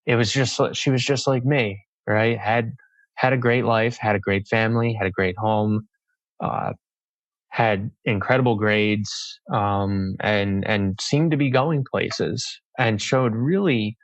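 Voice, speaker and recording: A man's voice: on the low side, unhurried, no echo, muffled recording. A young man, a guest author in a podcast interview, speaking hesitantly with many restarts. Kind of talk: casual interview chat.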